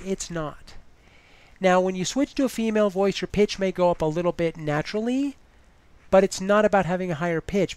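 A woman's voice: on the low side, darkish tone, dry recording. A woman giving advice in a casual vlog, chatty and full of "you know" fillers.

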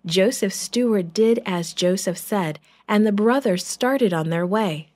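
A woman narrating a children's Bible story in a gentle, clear, deliberate way. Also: medium pitch.

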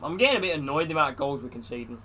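A man's voice: a little high, animated, very fast, sharp tone. A man live-streaming a football video game, calling the play and greeting his chat viewers. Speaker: gaming streamer.

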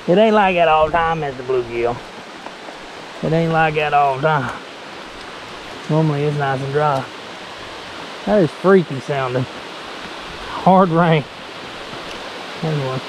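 A man's voice: fairly high pitch, takes it slowly, pauses often, noisy background. Rambling Southern man in pouring rain. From Tennessee, United States. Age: late 30s. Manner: chatty, rambling, jokey, laughs nervously. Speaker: fishing vlogger. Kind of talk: casual running commentary to camera. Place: outdoors on a lake in a thunderstorm. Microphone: action camera. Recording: loud rain on an action camera. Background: heavy rain.

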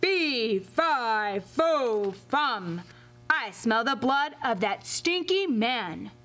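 A woman voicing a huge, mean male giant who bellows slow, drawn-out demands. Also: very animated, soft background music, exaggerated voice. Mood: bellowing. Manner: booming and bossy, drawn-out shouts.

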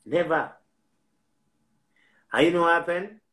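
Man, Jamaican accent, casual storytelling, animated, repetitive, roomy echo. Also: a little high, unhurried. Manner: animated, repetitive, swears freely.

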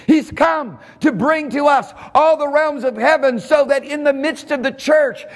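A male pastor preaching a sermon at a church service. He preaches fervently, jumps from sudden shouts to a low, quiet voice, and chuckles between phrases. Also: a little slow, in a large hall.

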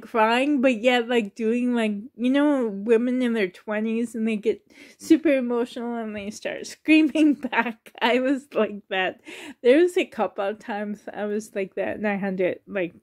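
Her voice is a little high with a darkish tone as she talks casually on her vlog. She's a thirty-something reborn doll collector and YouTuber, emotional and near tears, with nervous laughter.

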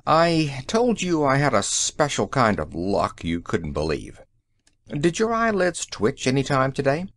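A man reading the part of a calm, cheerful inventor in an audiobook, explaining things in a matter-of-fact way. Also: mid-range voice, a little slow, dry recording, clean studio sound, full character voice. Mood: wry.

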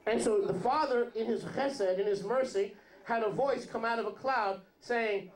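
A man's voice: very high voice, normal speed. A man teaching as a rabbi in a sermon, joking and asking his congregation questions. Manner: joking, conversational, asks the audience questions. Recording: roomy hall.

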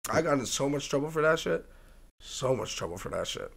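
A young man chatting casually as a podcast guest, swearing freely and swinging from soft talk to loud, laughing bursts. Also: medium pitch, very animated, a little fast, vocal fry, a little hiss or hum. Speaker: guest, music producer and tattoo artist.

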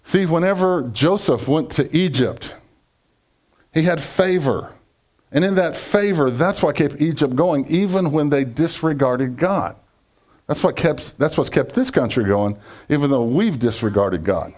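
A pastor preaching a conversational sermon, joking and asking the congregation questions. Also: male voice, fairly high pitch, animated, unhurried, darkish tone.

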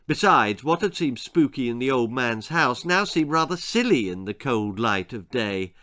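A man reading his own spooky children's story aloud with unhurried, dramatic delivery. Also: mid-range voice, expressive, bright, forceful tone.

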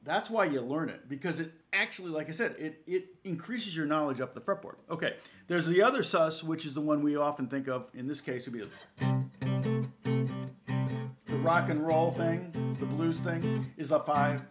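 A man's voice: on the high side, moderate pace. A middle-aged man teaching guitar on a live stream, rambling and chatting with viewers, laughing often and counting out notes. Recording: echoey room with loud guitar playing.

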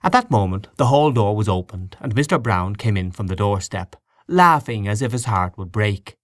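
A man reading a classic story aloud as audiobook narrator, measured and expressive. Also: on the low side, no room sound, clean studio sound. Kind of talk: scripted narration.

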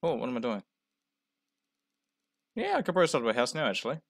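A young man casually commenting on his own gameplay, jumpy and talking himself through his fear, going from quiet muttering to loud yells. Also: mid-range voice, very animated, fast talker, creaky. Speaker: gamer playing a first session. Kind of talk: casual let's-play commentary.

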